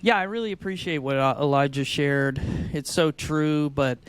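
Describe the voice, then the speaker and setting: Man, fairly high voice, smooth and clear, energetic podcast talk, acts out calls. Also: normal speed, no room sound. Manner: energetic, acts out sing-song sales calls. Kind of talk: conversational podcast explanation.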